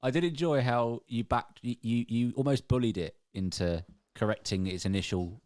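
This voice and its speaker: A man's voice: medium pitch, moderate pace, a little mellow, dry recording. A man co-hosting a casual comedy podcast, wry and dry-humored, laughing often. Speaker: podcast co-host.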